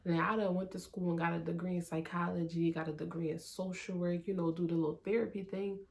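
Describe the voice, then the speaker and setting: Candid young woman with a gravelly voice. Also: lowish voice, level tone, fast talker, a little mellow. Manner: candid, conversational, lots of "like" and "um". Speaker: vlogger. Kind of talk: candid personal vlog talk. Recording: faint music underneath.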